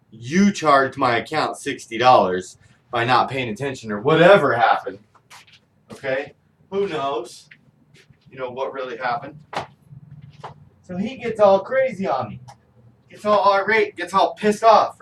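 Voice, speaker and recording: A middle-aged vlogger speaks candidly in a personal video diary, venting and swearing a lot. His voice is medium-pitched, animated and fairly bright, and he talks slowly with frequent pauses. The mic is distant, with faint background noise.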